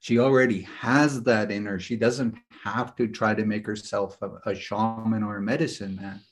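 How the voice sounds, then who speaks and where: Guy giving a spiritual talk to a group, kinda low voice, rambly and earnest, lots of "you know". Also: fairly even intonation, normal speed. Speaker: spiritual teacher leading a group session. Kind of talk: casual teaching talk with personal stories.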